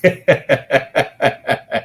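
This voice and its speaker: A man co-hosting a casual radio show from the studio. He reminisces energetically and laughs often. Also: extremely slow. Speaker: radio co-host.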